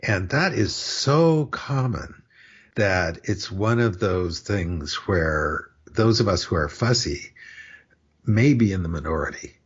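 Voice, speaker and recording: An older American man explaining word usage in a measured, dryly witty way in a casual podcast chat. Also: low-pitched, animated, breathy edge. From United States. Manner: measured, dry wit, explanatory. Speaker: language expert, co-host. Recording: dull lo-fi sound.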